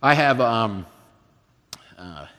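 Fifty-something preacher with lively delivery. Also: male voice, mid-range voice, drawn-out words. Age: 50s. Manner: conversational storytelling with self-deprecating humor. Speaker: guest preacher. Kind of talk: sermon. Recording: reverberant hall.

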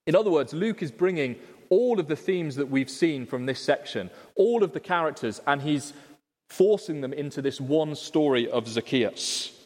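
A man's voice: a little high, animated, normal speed, a little mellow, long reverb tail. A man preaching a conversational sermon, explaining a passage and often asking the congregation rhetorical questions. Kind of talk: expository sermon. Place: church.

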